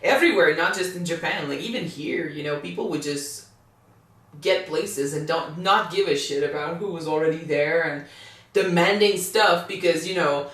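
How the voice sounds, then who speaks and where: A man from Canada co-hosting an anime reaction, chatting excitably, swearing freely and rambling with many restarts. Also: a little high, moderate pace. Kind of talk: casual chat reacting to an anime. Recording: echoey room, mic far off.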